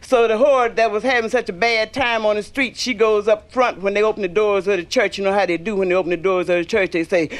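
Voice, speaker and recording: A woman's voice: medium pitch, steady tone, fast, few pauses. A woman comedian telling bawdy jokes in a folksy, salty manner, calling her listeners honey and baby. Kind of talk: bawdy stand-up storytelling.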